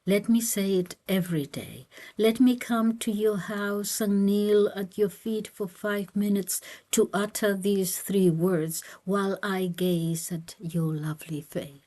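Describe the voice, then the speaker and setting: A woman reading aloud, voicing an ardent young man who keeps pleading with a married woman in a hushed, whispered voice. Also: medium pitch, steady tone, slow pace, hardly any pauses, natural voice. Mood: pleading ardently.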